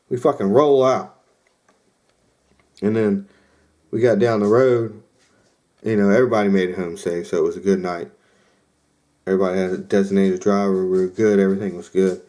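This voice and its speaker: A man's voice: on the low side, fairly even intonation, moderate pace, long pauses, warm tone. A young man hosting a podcast, casually telling a rambling story with lots of fillers and quoted asides. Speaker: podcast host.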